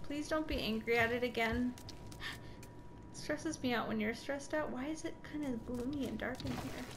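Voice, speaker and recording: High-voiced woman cursing through a game. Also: moderate pace, background noise. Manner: chatty, frequent swearing, talks to the game creature. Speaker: gaming video creator. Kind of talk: casual let's-play commentary. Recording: voice over loud game audio.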